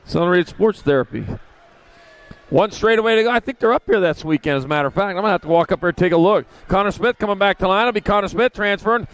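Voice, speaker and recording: A man's voice: high voice, quick pace, a bit bright. A man calling a kids' bike race live, folksy and chatty, with rambling asides. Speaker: race announcer. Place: outdoor race track.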